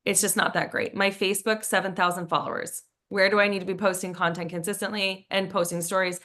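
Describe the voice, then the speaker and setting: Bright-voiced woman on a team call, upbeat, asks a question then answers it. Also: medium pitch, flat delivery, fast talker. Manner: encouraging, rhetorical questions. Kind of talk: casual group video call.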